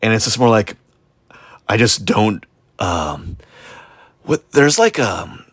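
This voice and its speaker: A man's voice: on the low side, very animated, slow, a bit bright, no room sound. A man chatting casually during a live drawing stream, rambling and self-deprecating, with lots of fillers and false starts. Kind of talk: casual rambling chat while sketching.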